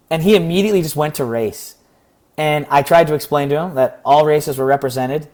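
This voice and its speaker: A young man from Canada reflects on a recent experience in a casual vlog. His voice sits a little high and is slightly hoarse. He rambles earnestly and acts out the back-and-forth of conversations as he retells them. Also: fairly quick, a little mellow. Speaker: vlogger.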